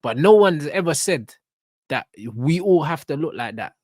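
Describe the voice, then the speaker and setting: A man's voice: on the high side, expressive, moderate pace, darkish tone, no echo, clean studio sound. A young man, ranting bluntly with lots of slang and swearing as he reacts to a video. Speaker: reaction channel host.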